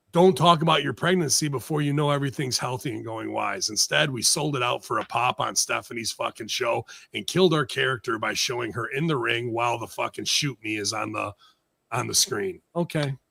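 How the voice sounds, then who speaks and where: A man's voice: medium pitch, vocal fry, pushed and bright, dry recording. A man hosting a talk show, ranting sarcastically with lots of profanity in casual heated chat. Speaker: podcast host.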